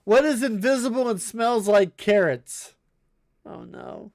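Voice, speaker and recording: A man streaming a game, casually reading corny jokes aloud and breaking into high, tearful laughter at them. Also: a little slow, creaky, darkish tone. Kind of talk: casual live-stream chat.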